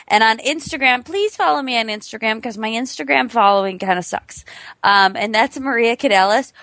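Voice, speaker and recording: A woman's voice: on the high side, fairly bright tone, dry recording. A woman hosting a podcast, chatting in a playful, teasing way. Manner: playful, teasing, laughs often. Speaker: podcast host. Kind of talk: casual chat.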